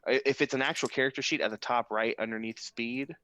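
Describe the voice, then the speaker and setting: A man's voice: medium pitch, steady tone, fast talker, fairly bright tone, no echo. A man playing a tabletop role-playing game in casual chat, talking thoughtfully with frequent restarts. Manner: thoughtful, hesitant, lots of restarts.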